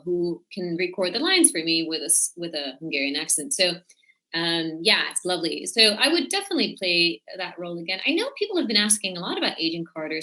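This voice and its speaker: An actress answering fan questions in casual chat, telling stories with lots of soft fillers. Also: female voice, on the low side. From Netherlands. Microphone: computer or phone mic on a video stream.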